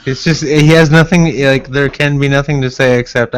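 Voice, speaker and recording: A man's voice: medium pitch, fairly even intonation, moderate pace, clear, resonant tone, rough recording. Male co-host, tipsy, joking and sarcastic, casual group banter. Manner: joking, sarcastic, laughs often. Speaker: stream co-host. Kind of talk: casual group chat on a livestream.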